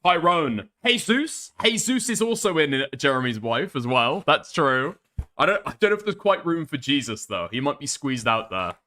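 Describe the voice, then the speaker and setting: A man's voice: mid-range voice, very animated, moderate pace, bright, forceful tone. A man streaming live, reacting to a video with crude, mocking commentary and frequent laughter.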